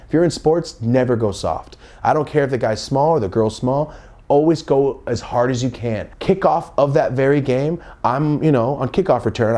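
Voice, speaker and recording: Animated young man telling a story. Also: medium pitch. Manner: animated, swings between loud bursts and muttered asides. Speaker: comedic storyteller. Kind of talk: casual story time to camera.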